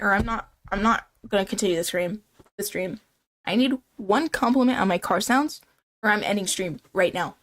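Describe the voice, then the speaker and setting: Woman streamer rambling to her chat, playful, lots of like and dude, average pitch. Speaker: live streamer. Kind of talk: casual live-stream chat.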